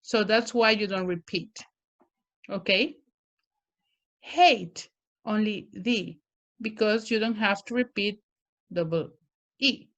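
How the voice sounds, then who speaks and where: Woman teacher, unhurried and clear, taking learners through spelling rules word by word. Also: mid-range voice, a bit bright. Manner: slow, careful, stresses each word to model pronunciation. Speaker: English teacher. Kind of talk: online grammar lesson.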